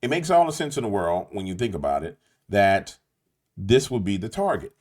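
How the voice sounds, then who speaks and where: A man's voice: on the low side, sing-song, normal speed, darkish tone. A man with a New Orleans accent, hosting a late-night commentary monologue in an emphatic, preachy way, talking straight to his viewers. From Louisiana. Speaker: YouTube host.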